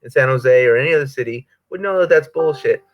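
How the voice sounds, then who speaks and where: A man hosting a casual interview chat, animated and joking. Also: mid-range voice, fast talker, dry recording. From Los Angeles area. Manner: animated, joking, self-mocking. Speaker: host. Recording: dull lo-fi sound.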